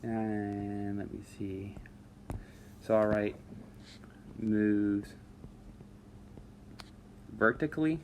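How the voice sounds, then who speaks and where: A man teaching a math lesson over a screen recording, walking students through each step in a relaxed way with frequent checks of "all right?". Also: fairly low pitch, extremely slow, long pauses, dull audio, slight background noise.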